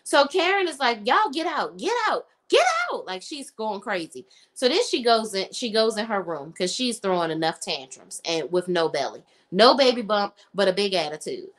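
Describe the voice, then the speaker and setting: A woman's voice: medium pitch, normal speed, hardly any pauses. A woman giving a casual recap of a TV drama, retelling scenes dramatically and acting out the characters' lines as she goes. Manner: animated, dramatic retelling with lively quoted asides. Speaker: TV show reviewer.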